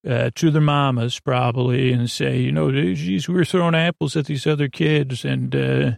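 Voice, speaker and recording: A man hosting a sleepy bedtime podcast, rambling through an episode recap in an unhurried way with lots of fillers. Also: medium pitch, creaky, darkish tone, dry recording, studio quality. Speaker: podcast host.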